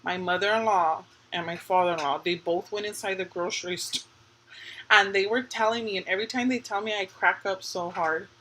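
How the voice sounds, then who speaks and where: A woman's voice: medium pitch, a little fast, sharp tone, a little hiss or hum, poor audio. A woman in her thirties hosting a live stream, telling family stories in a chatty, laughing way. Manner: chatty storytelling with frequent laughter. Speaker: livestream host. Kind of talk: casual chat.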